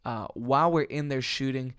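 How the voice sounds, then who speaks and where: A man, hosting a casual podcast chat and telling stories with lively acted-out quotes and frequent laughs. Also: medium pitch, moderate pace, clean tone, no room sound, studio quality. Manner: animated storyteller, acts out quotes, laughs often. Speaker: podcast host, musician.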